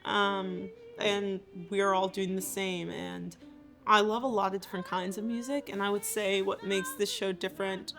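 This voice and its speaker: A woman's voice: mid-range voice, fairly even intonation, normal speed, creaky, a bit bright, soft background music. A woman composer and theater maker talking about her work in a thoughtful, earnest way. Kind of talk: reflective interview talk.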